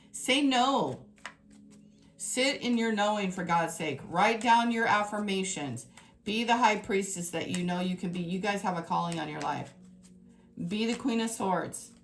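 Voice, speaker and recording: A woman giving a tarot reading to her viewers, talking in an emphatic, exasperated way that swings between scolding and excitement. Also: mid-range voice. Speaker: tarot reader.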